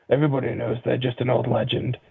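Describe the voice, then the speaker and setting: A man voicing a wary, dismissive male innkeeper from a game, reading the lines slowly and formally. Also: medium pitch, creaky, slightly rough, exaggerated voice. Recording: tinny phone-like line.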